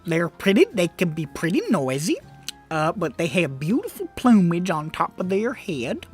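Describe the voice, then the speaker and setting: A woman's voice: fairly low pitch, very animated, moderate pace, darkish tone, breathy edge, soft background music. A woman voicing a chatty male pet shop merchant with a drawling, folksy sales patter.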